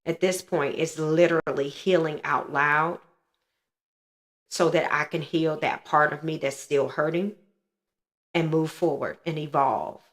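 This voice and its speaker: Low-voiced woman telling her story frankly. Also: fairly even intonation, a little slow. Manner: earnest, frank and reflective. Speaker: host sharing her personal story. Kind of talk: candid personal storytelling.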